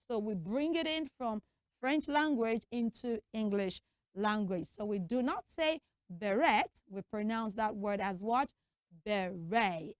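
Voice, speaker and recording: A young woman presenting a children's TV lesson, coaxing answers in a lively call-and-response way. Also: a little high, dry recording.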